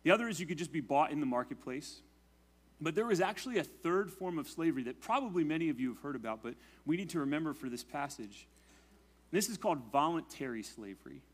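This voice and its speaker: A male pastor preaching a sermon in a conversational way, often checking in with "right?" and praying in a hushed voice. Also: animated, fast talker. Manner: prays in a low, hushed voice.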